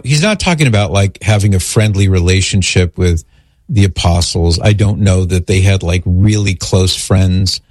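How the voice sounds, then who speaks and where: A man's voice: sits low, darkish tone, dry recording, clean studio sound. A man hosting a call-in religious Q&A, answering a caller's question in an earnest, explanatory way and citing scripture.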